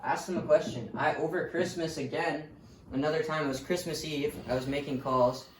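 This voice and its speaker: A man's voice: fairly high pitch, fairly even intonation, brisk. A man giving a casual, blunt sales lesson who swears freely and tells stories from his own calls. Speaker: sales coach. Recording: roomy, distant mic, faint noise.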